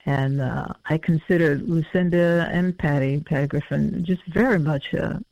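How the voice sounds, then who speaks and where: Man in his fifties, musician guest, slightly high voice, thoughtful and halting, muffled lo-fi sound. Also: steady tone, creaky, a little mellow, no echo. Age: 50s. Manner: reflective, halting with many fillers. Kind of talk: casual interview conversation. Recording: dull lo-fi audio.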